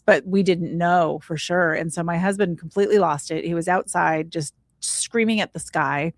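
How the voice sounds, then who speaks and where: Woman podcast guest, slightly low pitch, earnest spiritual storyteller, casual speech. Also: normal speed, few pauses, no echo, studio quality. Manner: casual, earnest, leans on "like" while recounting; spiritual, reflective tone. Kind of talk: heartfelt personal storytelling.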